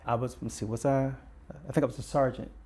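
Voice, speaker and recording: A man's voice: medium pitch, steady tone, quick pace, warm tone. An older man from Baltimore, a retired police detective telling stories as a guest and acting out the lines of the people in them. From Baltimore, USA. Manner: vivid storyteller who acts out quoted dialogue. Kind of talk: conversational storytelling.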